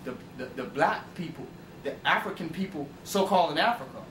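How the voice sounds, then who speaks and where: A man's voice: a little high, expressive, a little fast, recorded from a distance. A man with a slightly raised voice gives an emphatic, profane lecture and keeps checking in with rhetorical questions. He sounds set back from the mic, and his voice rings around a reverberant room with a faint hum behind it. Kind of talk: informal lecture. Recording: roomy echo, voice away from the mic.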